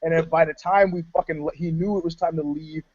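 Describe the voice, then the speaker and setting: A man co-hosting a podcast, telling stories in casual chat in an animated, laughing way. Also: fairly high pitch, fast, lo-fi sound. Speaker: podcast co-host.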